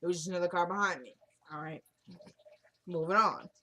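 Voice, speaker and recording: A woman's voice: on the low side, fairly quick, bright, forceful tone. A woman casually recapping a TV drama episode, opinionated and chatty, acting out characters' lines as she retells the scenes. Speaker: show recap host.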